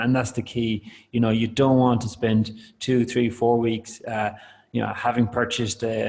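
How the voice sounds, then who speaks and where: A man walks listeners through a software product in a webinar. His voice sits low and keeps a flat, even contour. He talks loosely, circling back with fillers and restarts. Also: rough recording. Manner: loose, rambling delivery with many fillers and restarts. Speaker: product presenter. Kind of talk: webinar talk.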